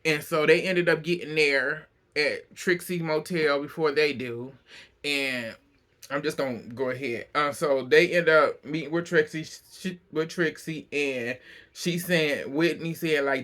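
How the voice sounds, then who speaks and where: A man recapping a reality show episode in casual, animated storytelling, acting out the cast's lines and often breaking into laughter. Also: on the high side, unhurried. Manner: animated storytelling, acts out cast quotes, laughs a lot.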